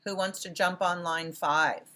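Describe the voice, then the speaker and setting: A woman's voice: on the low side, fairly even intonation, unhurried, sharp tone. A woman instructor leading a class, encouraging her students and often praising and restarting her sentences. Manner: self-correcting restarts. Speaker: college philosophy instructor. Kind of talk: interactive class lecture.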